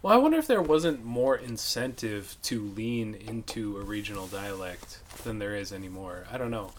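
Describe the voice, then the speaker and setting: A man's voice: fairly low pitch, animated, moderate pace, a little hiss or hum. A man in casual conversation, talking hesitantly with many restarts. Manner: hesitant, restarts, laughs easily.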